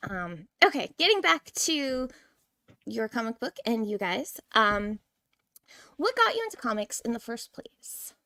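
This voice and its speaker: Woman, livestream co-host, casual chatter, higher voice, dry close sound. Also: very animated, a little slow, sharp tone, no room sound. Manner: chatty, reads out chat messages, babbles.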